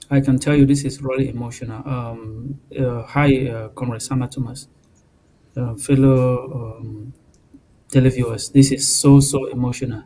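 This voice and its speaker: A man joining a television news panel discussion, speaking in a halting way with many ums and pauses. His voice sits at an ordinary middle pitch, and his delivery sounds emotional. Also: dark tone, poor audio. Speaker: panel guest.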